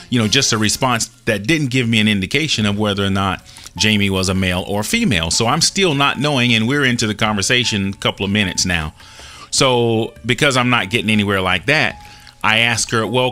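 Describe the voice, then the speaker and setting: Bright-voiced man telling a story. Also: on the low side. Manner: earnest, retells dialogue with small restarts. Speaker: host telling a personal story. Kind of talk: casual storytelling.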